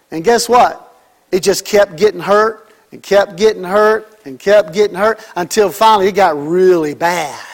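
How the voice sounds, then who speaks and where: A middle-aged male pastor preaching a sermon, swinging between loud emphatic lines and soft, drawn-out ones. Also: sits high.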